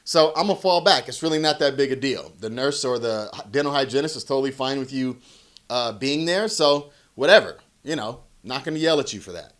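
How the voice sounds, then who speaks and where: A man in his thirties talking casually about parenting, relaxed and conversational, acting out quoted lines. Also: mid-range voice, brisk. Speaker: parenting vlogger. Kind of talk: casual talk to camera.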